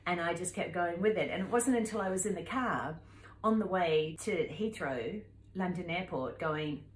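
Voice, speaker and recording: A woman in her fifties telling a travel story to camera in a casual, animated way, laughing and acting out the people she met. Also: lowish voice, moderate pace. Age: 50s. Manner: animated, laughing, acts out voices in her stories. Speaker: travel vlogger. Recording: echoey room with faint ambient noise.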